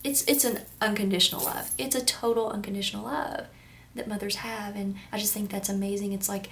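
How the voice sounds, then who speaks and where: A woman's voice: mid-range voice, fairly even intonation, brisk, vocal fry, fairly bright tone, a little hiss or hum. A woman in her twenties with a Kentucky accent, rambling and giggling as she vlogs casually to the camera with a runny nose. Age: 20s. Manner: rambling, giggly, self-deprecating. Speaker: vlogger. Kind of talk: casual talking-to-camera vlog.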